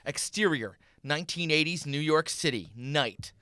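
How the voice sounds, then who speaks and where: A man hosting a comedy podcast, reading his own screenplay's stage directions in a deadpan way. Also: a little high, normal speed, clear, resonant tone, no room sound, studio quality.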